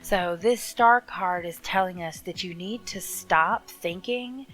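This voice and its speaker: A woman's voice: on the low side, slow, a bit bright, soft background music, poor audio. A woman giving a tarot reading, speaking earnestly and encouragingly straight to the viewer. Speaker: tarot reader. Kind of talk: casual tarot reading to camera.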